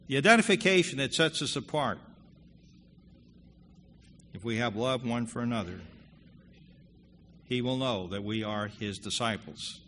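Bright-voiced man preaching in a reverberant hall. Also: medium pitch, a little slow, long pauses. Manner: earnest preaching, rising loud when quoting scripture. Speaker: pastor. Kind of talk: sermon. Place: church hall. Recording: long hall reverb with faint room noise.

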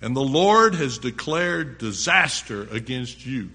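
Bright-voiced preacher in a reverberant hall. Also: male voice, medium pitch, animated, takes it slowly. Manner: reads a passage aloud, then breaks off to explain it plainly. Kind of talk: sermon, reading scripture with asides.

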